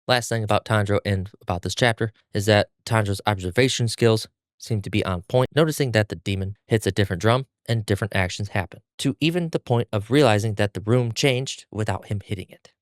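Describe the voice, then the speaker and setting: Chatty male podcast host, low dry voice. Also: brisk, no room sound. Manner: chatty, giggly, with verbal restarts. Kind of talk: casual recap of a manga chapter. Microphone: podcast mic on a stand.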